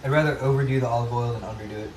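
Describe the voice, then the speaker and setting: A man's voice: medium pitch, fairly even intonation, very fast. A man talking casually to camera while he cooks in his home kitchen, thinking aloud as he goes. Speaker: home cook vlogger. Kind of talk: casual cooking vlog chat. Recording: roomy, distant, noisy kitchen audio.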